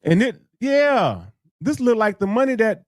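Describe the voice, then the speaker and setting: A man's voice: very high voice, lively intonation, unhurried, no echo. Guy roasting a clip on his reaction channel, voice jumping all over, dry sound. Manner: mocking, scatting along; disbelieving, calls out lies. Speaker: reaction video host. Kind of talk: reaction commentary.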